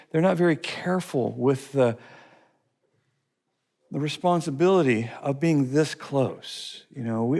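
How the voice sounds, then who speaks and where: Teaching a life-skills course session, a man speaks emphatically in a gravelly, darkish voice on the high side. He leans on repetition and stories as he addresses the class.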